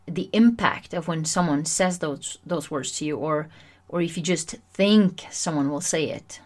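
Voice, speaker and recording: A woman hosting a solo self-help podcast, chatty and animated, often poking fun at herself. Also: on the low side. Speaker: podcast host.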